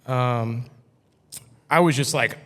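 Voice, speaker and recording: Speaking slowly in a mid-range voice, a man appears as a podcast guest and spins a story loosely and casually, cursing and using "like" a lot. The setting is a brewery taproom, recorded with long hall reverb.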